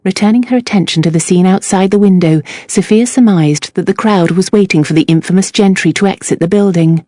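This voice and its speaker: A woman narrating a novel audiobook in a measured, even reading. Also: fairly low pitch, no room sound, clean studio sound. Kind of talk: scripted narration.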